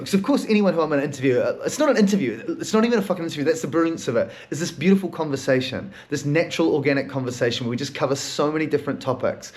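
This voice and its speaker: A man's voice: on the high side, animated, fast. A man hosting his own podcast in a candid solo monologue, melancholy, rambling and swearing a lot, laughing now and then as he talks. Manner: rambling, heavy swearing, laughs through sad talk. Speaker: podcast host; therapist.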